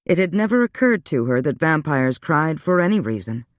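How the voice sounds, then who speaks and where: A man narrating a dark romance audiobook in an even, measured storytelling voice. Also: fairly high pitch, dry recording, studio quality. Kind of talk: scripted narration.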